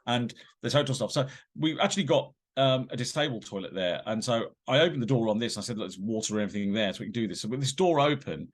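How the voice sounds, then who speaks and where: A man, a guest on an interview podcast, telling rambling, animated anecdotes with many fillers and restarts. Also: medium pitch, fast talker, hardly any pauses.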